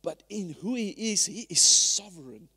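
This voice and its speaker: A man's voice: sits high, lively intonation, moderate pace, sharp tone, breathy edge. A man preaching a sermon in a church, earnest and conversational, often restarting his phrases. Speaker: pastor. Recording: church hall with long reverb.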